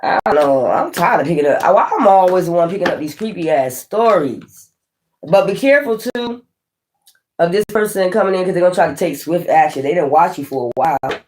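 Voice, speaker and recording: A man giving a casual tarot reading, blunt and profane, with animated swings in delivery. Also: high voice, brisk. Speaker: tarot reader.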